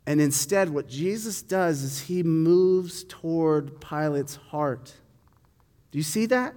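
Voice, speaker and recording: Guy preaching casually, bit higher voice, reverb-y room. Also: slow, warm tone. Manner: conversational, acts out dialogue with voices. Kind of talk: sermon, reading and explaining scripture.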